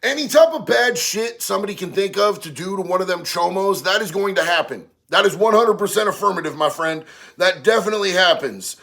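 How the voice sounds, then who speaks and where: A man's voice: high voice, lively intonation, fairly quick, gravelly, sharp tone. A man hosting a casual livestream, reading chat aloud and answering in slangy, streetwise talk. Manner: slangy, streetwise, says bro a lot.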